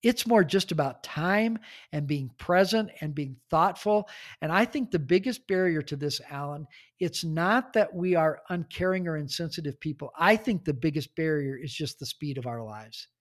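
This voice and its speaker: A middle-aged man, a church leadership author, speaking in a podcast interview, earnest and telling stories with pauses. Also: fairly high pitch, lively intonation.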